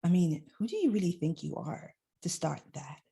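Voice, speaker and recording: A woman voicing her own belittling female inner critic, condescending and doubting, in a mellow, husky voice. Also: sits low, sing-song, normal speed, pitched below the performer's own voice, exaggerated voice. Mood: scornful.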